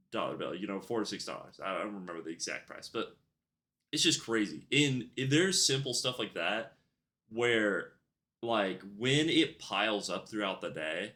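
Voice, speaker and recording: A man's voice: fairly low pitch, bright, forceful tone. A young man telling a storytime vlog about his retail job in a casual, rambling way, full of fillers and restarts. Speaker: YouTuber telling a work story.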